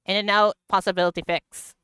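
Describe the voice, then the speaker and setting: A woman streaming a block-building game, talking through the update in slow, halting English with frequent laughter. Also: medium pitch, level tone, sharp tone, clean tone, no room sound. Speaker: gaming livestreamer. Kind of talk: casual game commentary.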